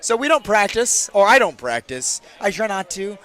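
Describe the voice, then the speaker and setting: A man calling a game from a commentary booth on a booth microphone, joking with his co-host and bursting loud on big plays. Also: high voice, sing-song, normal speed. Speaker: sports commentator. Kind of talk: play-by-play commentary with banter.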